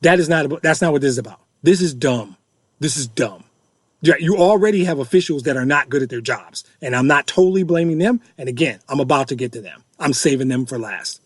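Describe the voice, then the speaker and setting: A man's voice: fairly high pitch, expressive, a little fast, husky, no room sound, studio quality. A middle-aged man hosting a fan-reaction podcast, ranting in an exasperated, repetitive way and hammering the same points over and over. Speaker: podcast host.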